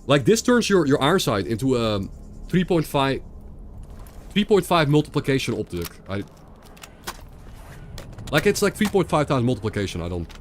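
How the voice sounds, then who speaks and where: A man's voice: medium pitch, sing-song, normal speed, long pauses, slight background noise. A young man streaming a video game, rambling and sarcastic, often repeating himself. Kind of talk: casual gameplay commentary.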